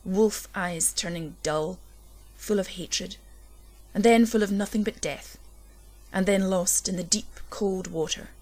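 A woman reading a dark first-person story aloud, low and intense, swelling at the tense moments. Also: measured pace. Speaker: narrator. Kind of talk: scripted horror story reading.

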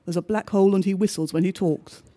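High-voiced man reading a bleak diary. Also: fairly even intonation, warm tone. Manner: measured, understated diary reading. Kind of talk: scripted narration of a diary story.

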